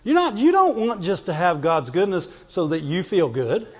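A man's voice: high-pitched, huge pitch swings, moderate pace, slightly rough. A man preaching a fervent sermon, repeating phrases and calling out to his congregation. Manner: fervent, repetitive call-and-response preaching. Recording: dull lo-fi sound with long hall reverb.

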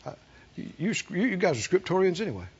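A man preaching a sermon, animated, acting out the people he quotes and asking the congregation questions. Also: sits high, brisk, husky. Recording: dull lo-fi sermon recording.

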